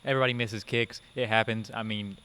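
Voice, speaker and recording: A man co-hosting a casual sports podcast, weighing his points in a calm, reasoned way. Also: on the low side, clean tone. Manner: measured, reasoned, lots of um and I feel like. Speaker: podcast co-host.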